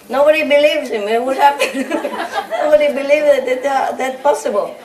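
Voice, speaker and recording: A woman's voice: high voice, moderate pace, a crowd in the background. A teasing, laughing woman teacher. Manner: laughing, chatty, teasing, anecdotal. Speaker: spiritual teacher addressing disciples. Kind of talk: informal talk to a gathering. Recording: echoey room heard from a distance, audience laughter. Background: large audience laughing.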